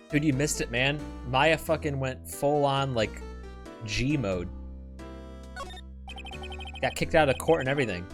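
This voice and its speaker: A man's voice: medium pitch, unhurried, long pauses. A man streaming a game, tossing off profane, offhand asides between lines of dialogue. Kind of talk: casual live-stream commentary while playing. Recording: game music playing behind.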